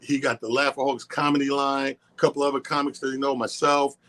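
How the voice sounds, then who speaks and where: Loose-talking New comic. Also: male voice, mid-range voice, level tone, fast, sharp tone. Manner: loose, profane, conversational. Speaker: radio co-host and comic. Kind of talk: casual radio chat.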